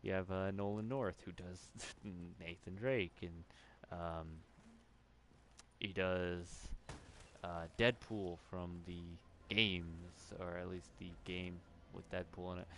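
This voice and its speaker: This gaming commentator speaks slowly in a low-pitched, steady voice with a slightly bright edge, and there's some faint background noise. As he plays, he rambles casually, full of fillers and false starts, occasionally swearing when his thoughts slip away.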